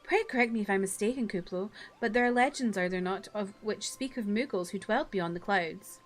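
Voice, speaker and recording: A woman's voice: medium pitch, fairly quick, soft background music, lightly acted. A woman voicing an earnest young male scholar who speaks in formal, old-fashioned phrases.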